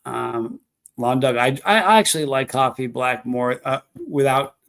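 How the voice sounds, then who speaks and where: Gravelly-voiced man chatting on a live stream. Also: mid-range voice, measured pace, fairly bright tone. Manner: rambling, storytelling, chatting with viewers. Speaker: livestream host. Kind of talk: casual live stream chat.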